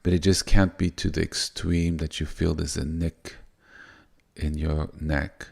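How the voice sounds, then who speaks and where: A man giving soft-spoken, unhurried spiritual teaching, often restarting his sentences. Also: extremely low pitch, level tone, gravelly.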